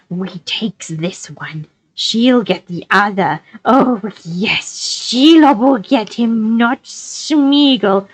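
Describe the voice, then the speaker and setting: A woman voicing Gollum, a treacherous, spiteful male creature who speaks slowly and slyly, hissing and sliding between high and low notes. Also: husky, dry recording, heavily acted, low-quality recording.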